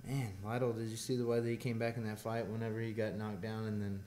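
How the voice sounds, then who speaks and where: A young man with a Southern US accent, chatting as an interview guest in a relaxed, rambling way. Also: lowish voice, fast talker, a little hiss or hum. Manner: laid-back, rambling with fillers. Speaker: guest fighter. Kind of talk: casual interview chat.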